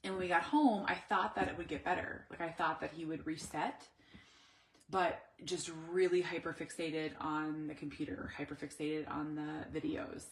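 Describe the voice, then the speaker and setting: Middle-aged mom talking to camera, lowish voice, lots of restarts, echoey room. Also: female voice, fairly even intonation, moderate pace. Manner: reflective, searching for words, many restarts. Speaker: mother of an autistic son. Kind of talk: candid personal vlog.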